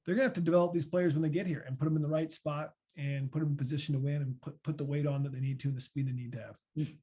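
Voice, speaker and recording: A man in his thirties with a Midwestern American accent, answering podcast questions as a former linebacker in a chatty, animated way. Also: fairly high pitch, very fast, husky. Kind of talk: casual podcast Q&A.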